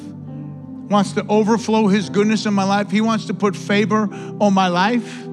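A man's voice: high-pitched, long reverb tail. A male pastor preaching a sermon, impassioned, with repetition and rising exclamations.

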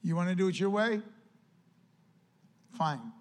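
A male pastor preaching a sermon with lively delivery, acting out quoted voices. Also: sits high, unhurried.

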